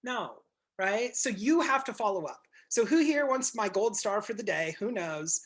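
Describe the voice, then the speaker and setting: A man coaching a group of real estate agents over a video call, blunt and animated, swearing and acting out little scenes. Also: high-pitched, normal speed.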